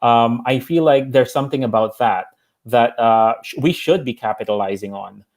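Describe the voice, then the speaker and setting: A man with an ordinary, mid-range voice talks through his ideas in a casual panel discussion. He pauses often, restarts his sentences and fills the gaps with fillers as he thinks aloud. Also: medium pitch. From United States. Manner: thoughtful, many fillers and restarts.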